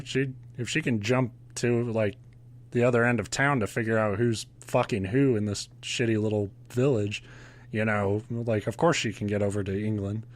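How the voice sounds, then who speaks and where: A man hosting a podcast, retelling a ghost legend in casual chat with a sarcastic, profane manner and frequent laughs. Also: on the low side. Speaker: podcast host.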